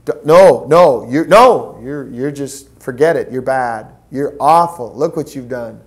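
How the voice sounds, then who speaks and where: A man voicing the devil as a contemptuous tempter, slowly sneering accusations. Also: mid-range voice, natural voice. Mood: taunting. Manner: slow, sneering, scornful.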